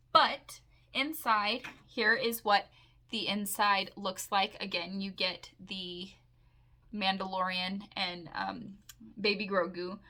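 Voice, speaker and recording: Gushing, bright-voiced young woman vlogger. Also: a little high. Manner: gushing, rambling, excitable. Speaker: makeup vlogger. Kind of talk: casual makeup haul chat. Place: at home.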